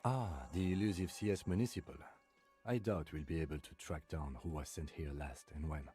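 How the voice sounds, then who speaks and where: A man voicing a calm, reserved police lieutenant in a video game, dry and matter-of-fact. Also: extremely low pitch, moderate pace, husky, soft background music.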